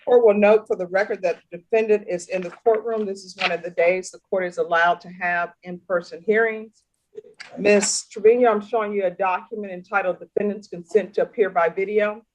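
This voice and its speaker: A woman's voice: medium pitch, brisk, lo-fi sound, slight background noise. Stern woman judge running a hearing. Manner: stern, firm, corrective. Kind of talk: formal court hearing over video.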